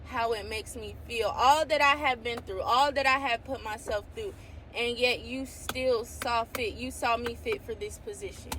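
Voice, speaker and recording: A woman talking casually to camera about her faith, excitable and exclaiming often, sometimes reading scripture aloud. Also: fairly high pitch, normal speed, slight background noise. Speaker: faith vlogger.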